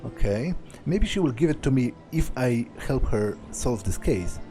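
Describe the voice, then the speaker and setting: A man's voice: mid-range voice, animated, a little slow, dark tone, soft background music. A man hosting a game let's play, reading dialogue aloud and thinking through his choices with many fillers. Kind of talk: gameplay commentary.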